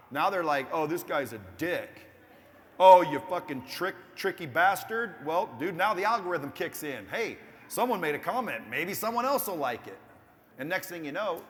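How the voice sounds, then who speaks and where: In a fairly high, fairly bright voice, a man being interviewed as an entrepreneur addresses viewers directly. He hands out casual business advice bluntly and profanely, with the room echoey and faint background noise present.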